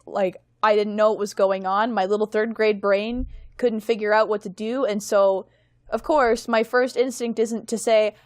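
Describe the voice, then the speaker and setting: A woman's voice: mid-range voice, steady tone, dry recording, clean studio sound. A young adult woman telling a personal story on a casual podcast, rambling and mocking herself. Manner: rambling and self-mocking, quick laughs. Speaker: guest.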